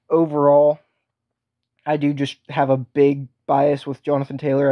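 A man's voice: medium pitch, highs cut off. A man hosting a casual fantasy football chat, talking hesitantly with lots of ums and restarts. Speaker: host.

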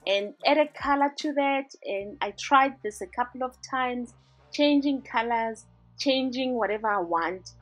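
A woman's voice: fairly high pitch, a little slow, faint music behind. A woman hosting a design tutorial, narrating a screen-recording voice-over in an upbeat, chatty way as she walks through each step.

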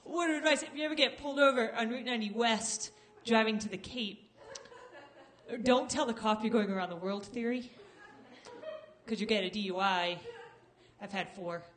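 A woman's voice: fairly high pitch, normal speed, pauses often, fairly bright tone. A woman doing stand-up on a club stage, rambling and getting flustered and worked up. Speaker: stand-up comic. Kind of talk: stand-up set.

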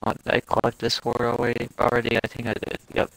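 A man's voice: medium pitch, monotone, quick pace, creaky, fairly bright tone, low-quality recording. A man streaming a co-op game, chatting casually and swearing freely. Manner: profane, laid-back banter. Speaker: streamer playing a co-op shooter. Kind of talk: casual gaming chat.

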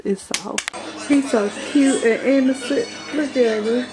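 A woman's voice: high-pitched, measured pace, over music, rough recording. A woman in her twenties, chatting casually to her viewers in a loose vlog style. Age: 20s. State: out of breath at times. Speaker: vlogger.

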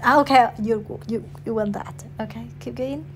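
A woman talking casually at home, gently prompting and correcting a child who is telling a story. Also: fairly high pitch, normal speed, very noisy. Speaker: parent coaching a child storyteller.

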